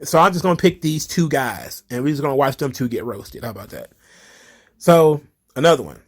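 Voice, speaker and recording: A man reads tweets aloud on his commentary channel and mocks them with a loose, profane, laughing delivery. His voice sits a little high for a man and swings widely in pitch. He sounds like a young adult. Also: fairly quick, creaky. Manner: laughing, mocking, profane, lively. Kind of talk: casual commentary reading tweets.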